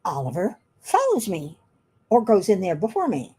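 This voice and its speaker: A woman's voice: mid-range voice, wildly swooping pitch, moderate pace, mellow, breathy edge. A woman chatting casually while she works on a craft at home, rambling and laughing often. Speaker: craft vlogger.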